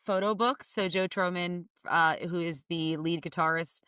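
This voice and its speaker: A woman's voice: fairly low pitch, steady tone, moderate pace, a bit bright, smooth, no room sound, studio quality. A woman co-hosting a podcast, chatting and eagerly explaining things. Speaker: podcast co-host. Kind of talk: casual chat.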